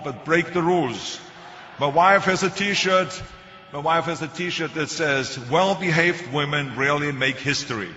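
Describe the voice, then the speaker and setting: A man's voice: on the high side, pushed and bright, slight background noise. An older man with a German accent gives a speech. He tells stories with a joking edge. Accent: German-accented English. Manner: joking anecdotal storytelling. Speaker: motivational speaker. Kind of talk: public speech. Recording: echoey hall, dull sound.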